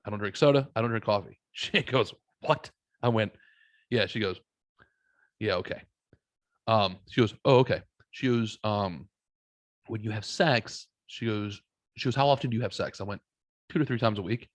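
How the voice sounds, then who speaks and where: A man's voice: lowish voice, moderate pace, long pauses, dry recording. A man in his thirties telling a story in casual podcast chat, blunt and profane, acting out both sides of the conversation. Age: 30s.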